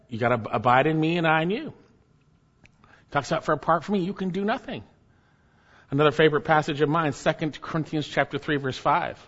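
A man's voice: a little high, a bit bright, long reverb tail, muffled recording. A man preaching a sermon emphatically, swelling up and then dropping to near murmurs. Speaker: pastor.

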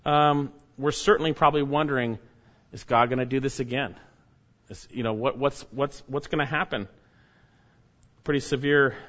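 A man preaching an expository sermon, emphatic, often restating his phrases and swinging between loud and soft. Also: medium pitch, dull audio. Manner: emphatic, restates phrases, rises and drops in loudness. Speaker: pastor.

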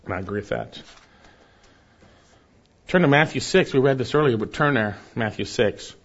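A male pastor preaching a sermon, rising for emphasis and then dropping soft. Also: mid-range voice, animated, moderate pace, muffled recording.

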